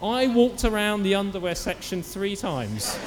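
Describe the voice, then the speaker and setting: Animated preacher in a hall. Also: male voice, high-pitched, very noisy. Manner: animated storytelling with acted quotes. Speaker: pastor. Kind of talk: sermon. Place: church.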